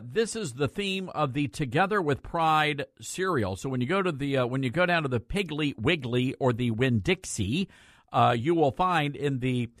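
A man's voice: medium pitch, fairly bright tone, no echo, clean studio sound. A man hosting a podcast, chatting and reading odd news with wry jokes that trail off. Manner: wry, joking, trails off into mumbles. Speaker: podcast host. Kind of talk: casual chat with joke news reading.

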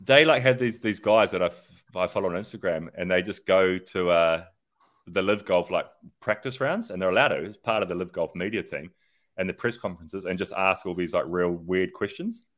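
A man co-hosts a podcast, his low voice fairly quick and a bit bright. He chats in a casual, rambling, laid-back way, swearing freely.

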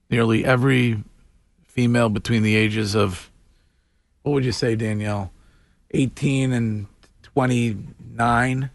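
A man hosting a morning radio show, chatting casually with a wry, unhurried delivery into a studio microphone. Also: medium pitch, fairly even intonation, vocal fry, no echo.

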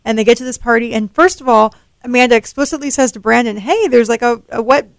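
A woman's voice: a little high, quick pace, vocal fry, no echo. A woman in a casual podcast chat, retelling scenes with frequent laughter.

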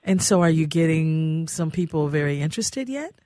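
A woman's voice: deep voice, expressive, moderate pace, dark tone, no room sound, studio quality. A woman hosting a radio talk show, chatty and effusive, often laughing. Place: radio studio.

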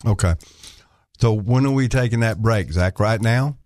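Older Southern-state man, very low voice, dry studio sound, folksy fill-in radio host who rambles. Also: normal speed, a little mellow, dry recording. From Arkansas. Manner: rambling, folksy, many filler words. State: slightly out of breath. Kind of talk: casual talk radio.

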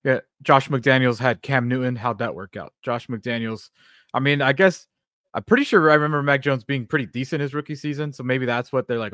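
Fast-talking male sports co-host. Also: medium pitch, fairly bright tone, dry recording, studio quality. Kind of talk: casual sports talk.

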